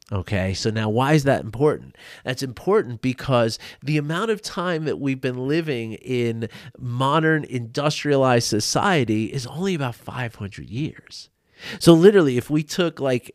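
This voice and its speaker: A man's voice: mid-range voice, no room sound. Earnest rambling man, dry close sound. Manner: earnest, rambling, frequent restarts and repeated words. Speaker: podcast host. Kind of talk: casual solo talk on men's mental health. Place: home desk.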